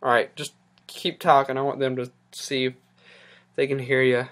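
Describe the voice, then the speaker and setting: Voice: medium pitch, little pitch movement, normal speed, fairly bright tone. A podcast host, chatting casually and sounding flustered and exasperated while swearing at technical trouble. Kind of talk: casual live-stream chatter.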